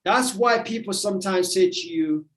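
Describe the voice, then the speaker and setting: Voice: mid-range voice, moderate pace. A motivational speaker giving a livestream talk, emphatic and repetitive in a preacherly way. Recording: roomy echo.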